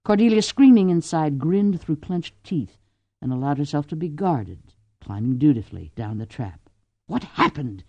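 Expressive woman narrating a novel. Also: low voice, moderate pace, no echo, lo-fi sound. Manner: expressive, lively storytelling. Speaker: audiobook narrator. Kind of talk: scripted narration.

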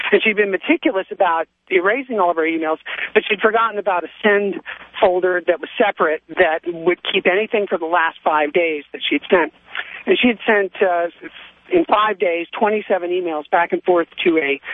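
A man calling in to a radio show, telling a long story with many ums and restarts over a phone line. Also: high voice. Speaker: caller. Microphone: telephone.

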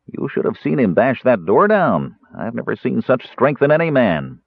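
A man voicing a smooth, persuasive human dealer who sells prisoners with salesman patter. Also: medium pitch, big pitch swings, moderate pace, no echo, full character voice. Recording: narrow tinny phone-like audio.

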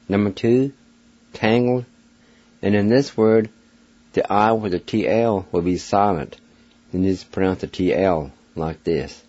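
An older man with a low, mellow voice teaches a slow, patient pronunciation lesson. He spells each word letter by letter and repeats it. The sound is dull and lo-fi, like an old radio broadcast, and very dry. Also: husky, no echo.

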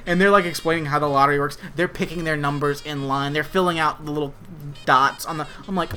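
A man's voice: fairly high pitch, quick pace, pushed and bright. A man co-hosting a podcast, chatting casually and rambling with lots of fillers while reviewing a TV episode. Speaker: podcast co-host.

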